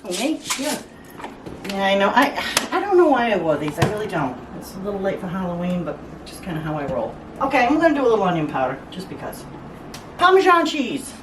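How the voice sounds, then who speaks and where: A woman with a mid-range voice talks quickly, her pitch swinging widely, as she hosts a home cooking demo with casual, joking chatter. The setting is a home kitchen, recorded from a distance with echo, background noise and the clatter of cooking.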